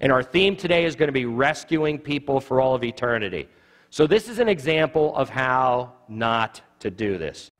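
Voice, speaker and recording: A man teaching evangelism in a church, an animated storyteller who acts out the voices in his stories. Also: mid-range voice, moderate pace. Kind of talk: sermon-style teaching. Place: church sanctuary. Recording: reverberant church hall.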